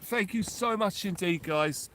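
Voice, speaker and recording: A man hosting a live fishing stream outdoors on the shore at night, giving excitable commentary and thanking his supporters one by one. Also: sits high, unhurried, loud music behind the voice. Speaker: fishing livestream host.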